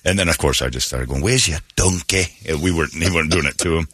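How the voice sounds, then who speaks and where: A man's voice: very deep voice, rapid-fire, no echo, studio quality. A man hosting a radio morning show, telling a story casually and acting out the people in it. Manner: animated, acts out the people in his stories.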